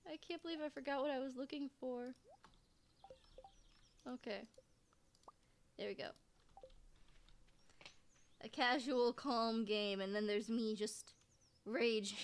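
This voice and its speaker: A woman's voice: a little high, steady tone, slow, long pauses, clear, resonant tone. A woman streamer giving casual let's-play commentary, rambling to herself with frequent restarts and giggles. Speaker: game streamer.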